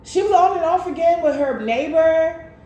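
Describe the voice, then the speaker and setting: A woman tarot reader in casual chat, telling stories in an animated way with slang. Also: very high voice, normal speed. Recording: echoey room with faint noise.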